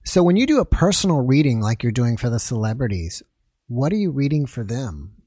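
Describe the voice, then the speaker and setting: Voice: medium pitch, very animated, brisk, dark tone, slightly rough, no echo, clean studio sound. An interviewer asking questions in a casual conversation and adding short encouraging replies. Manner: brief encouraging backchannels.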